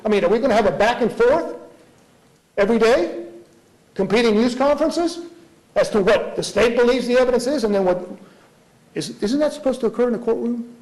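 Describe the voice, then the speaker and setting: A prosecutor makes his case in a courtroom, firing off one pointed rhetorical question after another. His voice sits unusually high for a man. He talks in an argumentative style. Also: animated, fairly quick, long pauses, a little mellow, rough recording. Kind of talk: courtroom argument before a judge.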